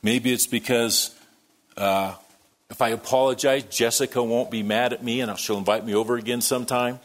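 A man preaching a sermon, telling a story that moves between quiet, hushed lines and loud, worked-up ones. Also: mid-range voice, fairly even intonation, normal speed. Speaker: pastor.

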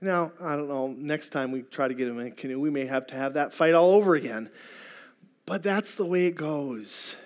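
Middle-aged male pastor with a slightly high voice, earnest storyteller, sermon delivery. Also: normal speed.

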